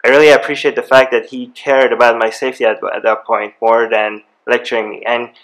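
A man speaks on a university panel. His voice sits at an ordinary middle pitch. He tells personal stories in an animated, storytelling way that builds excitement. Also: fairly quick, rough recording. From Iran. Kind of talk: live panel discussion. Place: university event room.

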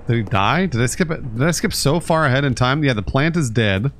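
A man's voice: medium pitch, animated, fairly quick, fairly bright tone, a little hiss or hum. A man streaming a video game, chatting casually and laughing as he plays. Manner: amused, chatty, laughing a lot. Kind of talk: casual gameplay commentary.

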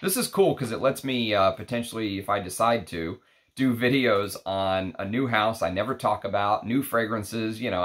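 A man chatting casually as a fragrance reviewer, rambling and thinking aloud as he unpacks samples. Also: on the low side. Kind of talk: casual unboxing chat.

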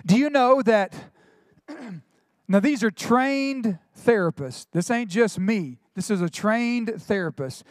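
Man, pastor, impassioned sermon, very high voice, dry close sound. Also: expressive, no room sound. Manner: impassioned preaching, quick asides and retold dialogue.

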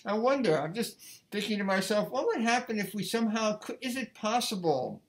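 A man's voice: high-pitched, sing-song, a little fast, music in the background. A man giving a violin lesson, talking casually and thinking aloud between passages. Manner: conversational, thinking aloud as he plays. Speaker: violin teacher. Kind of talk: music lesson. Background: faint violin playing.

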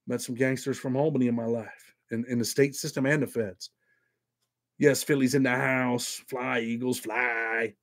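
A man's voice: medium pitch, little pitch movement, moderate pace. A man hosting a casual livestream, rambling and profane, reading viewer donations aloud between prison stories. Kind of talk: casual live chat with viewers.

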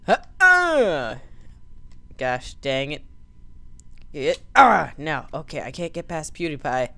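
Let's-play host: a goofy, joking man with a smooth, clear voice and slow delivery. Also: a little high, bright, forceful tone, no echo. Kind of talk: gaming commentary.

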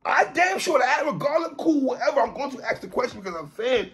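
A man hosting a podcast, ranting in animated commentary, stammering, repeating himself and shouting for emphasis. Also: very high-pitched, fast talker. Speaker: podcast host.

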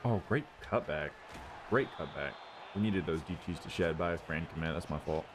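A man hosting his gaming channel, giving casual running commentary on his own football video game and cheering loudly at big plays. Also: low-pitched, lively intonation, normal speed. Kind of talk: live gameplay commentary. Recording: audible background noise.

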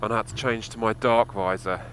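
A man's voice: on the low side, steady tone, fairly quick, a bit bright, slight background noise, rough recording. A man recording a casual video diary while riding a motorbike through snow, giving a running commentary full of swearing and exasperation. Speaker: motorcycle vlogger.

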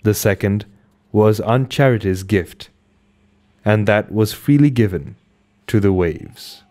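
Low-voiced guy reading a book out loud, real slow and careful. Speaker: audiobook reader. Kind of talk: amateur audiobook reading and casual sign-off.

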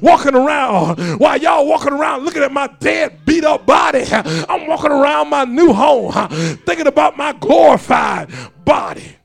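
High gravelly preaching man. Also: lively intonation, moderate pace, few pauses. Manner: preaching with rising shouts and a "huh?" after phrases. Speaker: pastor. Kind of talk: sermon. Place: church.

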